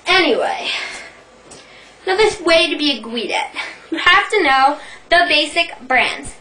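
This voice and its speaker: Young New York woman, very high and bright voice, brash mock-tutorial vlogger, heard a bit off-mic. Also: animated, measured pace, distant mic, a little hiss or hum, poor audio. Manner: brash, profane, mock-boastful with an exaggerated attitude. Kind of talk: parody tutorial vlog.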